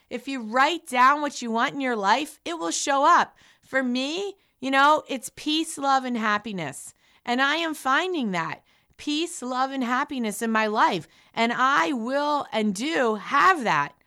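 A woman's voice: high-pitched, sharp tone. A middle-aged woman hosting a radio show, delivering an upbeat, emphatic motivational talk.

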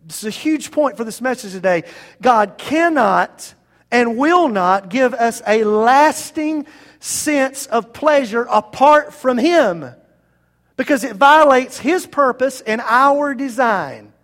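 A pastor preaches his sermon in a notably high-pitched male voice. He keeps it conversational but leans hard on key words. He often turns to address his listeners directly. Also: expressive, slow pace, fairly bright tone. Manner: conversational, emphatic preaching with direct appeals to the congregation.

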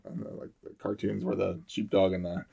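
A man's voice: deep voice, level tone, fast talker, gravelly, warm tone, slightly rough. A man, a firefighter and podcast co-host, telling a rambling story in casual chat and laughing often as he goes.

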